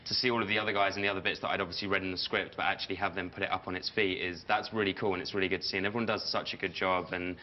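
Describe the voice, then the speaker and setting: A man with a very low voice talks fast, joking at his own expense as a guest on a TV show. The sound is dull and lo-fi with a faint hiss. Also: steady tone. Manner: self-deprecating, rambling, quick. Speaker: actor guest. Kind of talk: TV interview answers. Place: TV studio.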